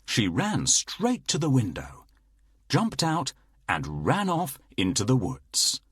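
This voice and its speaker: Slow, lilting storybook narrator, a man. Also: mid-range voice, huge pitch swings, slightly rough, no echo, clean studio sound. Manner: slow, lilting read-aloud delivery. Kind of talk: scripted storybook narration for children.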